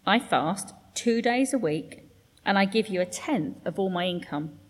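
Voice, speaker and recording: A woman reads scripture aloud in a measured, formal way, with a mid-range voice. Her reading echoes through a church with long reverb. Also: mid-range voice, animated, slightly rough. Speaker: scripture reader.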